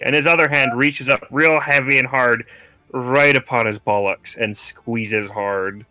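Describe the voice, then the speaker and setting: A man playing a tabletop game, describing his character's actions in a relaxed, rambling way. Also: mid-range voice, unhurried, dry recording. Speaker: player.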